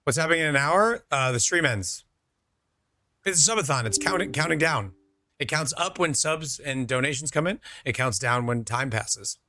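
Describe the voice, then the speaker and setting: Chatty and relaxed, a young male gamer streams while reading and responding to messages from his viewers. His voice sits on the high side and is expressive, bright, and forceful, at a moderate pace.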